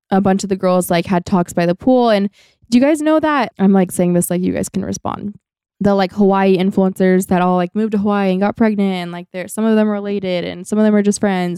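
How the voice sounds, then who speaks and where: A young woman co-hosting a podcast chats casually about a personal experience, her speech full of "like" fillers. She has a clean, dark, mid-range voice, and the clean studio recording has no echo.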